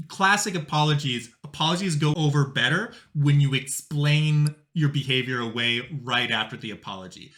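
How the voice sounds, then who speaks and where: A man's voice: mid-range voice, bright, forceful tone. A man hosting a comedy game show, teasing the players in a playful, upbeat way.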